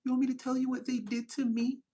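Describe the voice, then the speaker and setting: A man's voice: very high voice, little pitch movement, quick pace, mellow, voice pushed up. A man voicing a self-pitying gossip who whispers complaints and plays the victim. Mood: plaintive.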